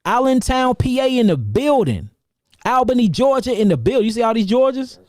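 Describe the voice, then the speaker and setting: A high-pitched man from St. Louis hypes up his livestream viewers with rapid, repetitive shout-outs. He is an herbalist promoting his seminars, talking in loose slang. His voice is close and dry, with no room sound. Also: no echo. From St. Louis, Missouri, USA. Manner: energetic, repetitive, slangy hype.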